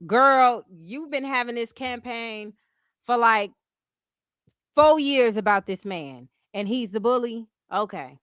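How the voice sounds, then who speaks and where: A woman's voice: fairly high pitch, slow pace, a bit bright, no room sound. A woman hosting a casual reaction stream, giving blunt, sassy commentary full of profanity and mocking asides.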